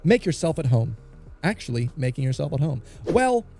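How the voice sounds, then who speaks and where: A man's voice: fairly high pitch, very animated, moderate pace, vocal fry, warm tone, faint music behind. A man from the United States reading online comments aloud and adding playful, joking asides.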